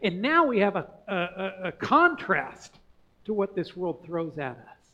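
A male pastor preaching a sermon in a conversational way, building to emphatic swells and dropping to hushed, quiet lines. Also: high voice, sing-song, a little slow, muffled recording.

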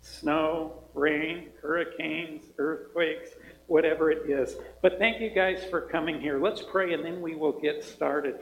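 High-voiced pastor in an echoey hall. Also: male voice, steady tone, unhurried. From Montana. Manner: friendly, joking, informal with fillers. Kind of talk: church announcements and prayer. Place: church sanctuary. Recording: echoey hall, dull sound.

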